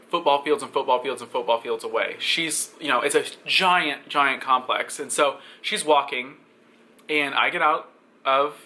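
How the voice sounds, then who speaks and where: A young man vlogging, telling a story in a casual, animated way and acting out the other people's lines. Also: a little high. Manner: animated, acts out quoted voices.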